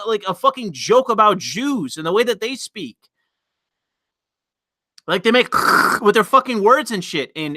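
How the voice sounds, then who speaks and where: A man's voice: very high-pitched, sharp tone, no room sound, clean studio sound. A man hosting a livestream, rambling and swearing as he reads out the chat and says things to provoke it. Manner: rambling, profane, deliberately provocative. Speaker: livestream host reading chat. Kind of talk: casual livestream rant.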